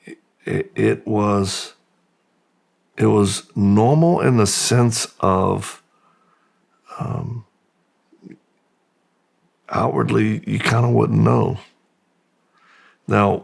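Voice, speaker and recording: A man from the United States, a guest in an interview, slowly and reflectively telling his life story with pauses and restarts. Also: fairly low pitch, creaky, husky.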